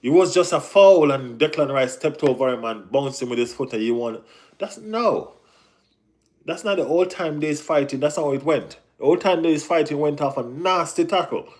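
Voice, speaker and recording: A man hosting a casual live football chat, talking in an animated way with lots of slang and repeated phrases. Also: fairly high pitch, moderate pace. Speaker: football channel host.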